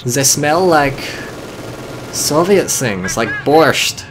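A man's voice: on the high side, animated, very slow, background noise, voice pushed up. A man putting on a cocky boastful soldier. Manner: boastful, mock-heroic. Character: cocky male soldier, too cool for cover.

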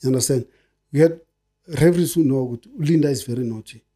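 A South African man in his sixties, a former footballer, telling stories in an animated way, repeating words in bursts and checking that the listener follows. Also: mid-range voice, a little fast. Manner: animated, repeats words in bursts, keeps asking "you understand?". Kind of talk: casual storytelling interview.

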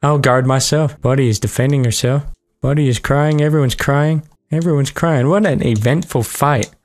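A man hosting a let's play, talking over the game with a joking, foul-mouthed running commentary. His voice sits at an ordinary middle pitch, and he reacts aloud to each moment in an offhand way. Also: moderate pace. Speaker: gaming video host.

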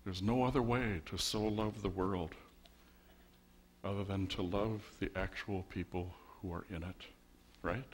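The pastor's low voice stays steady and moves a little slowly, with a faint hiss or hum behind it. Speaking from the sanctuary, he gives a wry, conversational sermon and draws in his congregation with rhetorical questions.

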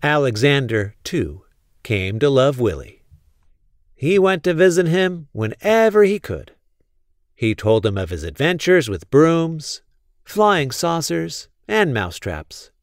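Slow, animated man reading a story. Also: a little high, no echo, clean studio sound. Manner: expressive, storytelling. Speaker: children's book reader. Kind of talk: storybook read-aloud.

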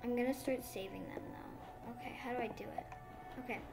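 A woman giving excited, casual commentary on her game, gushing and babbling breathlessly into a phone mic. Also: on the high side, brisk, gravelly, loud music behind the voice. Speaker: gaming vlogger.

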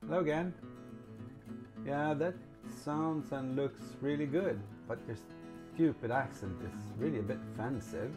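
A man's voice: medium pitch, unhurried, music in the background. A man hosting his own cooking channel, speaking in a dry, matter-of-fact way. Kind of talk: casual vlog talk.

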